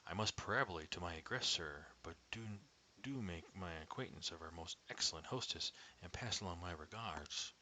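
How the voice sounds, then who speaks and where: A man's voice: low-pitched, animated, sharp tone, heavily acted. A man doing a drunk, courtly old poet, Southern. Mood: sad, courtly. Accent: mild Southern US. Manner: slow, florid, courtly speech. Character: drunken, sorrowful older male poet, genteel.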